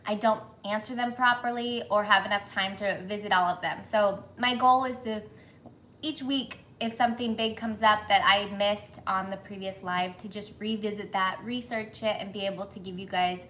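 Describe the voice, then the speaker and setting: A woman's voice: mid-range voice, fairly even intonation, normal speed, a bit bright, slight background noise. A woman in her thirties hosting a live baking stream from her home kitchen, chatting with viewers, flustered and sweating from the humidity. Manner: chatty, apologetic, reads comments aloud. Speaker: baking livestream host. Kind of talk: casual live chat, greeting viewers.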